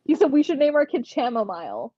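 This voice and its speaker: A woman's voice: sits high, huge pitch swings, fast talker, dark tone, muffled recording, slight background noise. A young woman hosting a casual livestream giveaway, chatting and laughing while reading comments from chat aloud. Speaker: livestream host running a giveaway.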